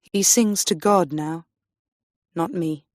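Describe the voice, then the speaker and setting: A woman teaching English, reading a graded story aloud slowly and clearly for learners. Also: on the low side, darkish tone, dry recording, studio quality. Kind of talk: slow graded-reader story narration.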